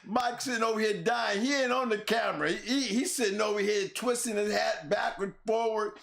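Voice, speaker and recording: On camera under a bright light, a male podcast co-host laughs hard and curses freely during a casual chat about a dog show. His voice sits high and a bit bright, with vocal fry, and he talks fairly quickly. He's laughing to the point of tears and openly profane.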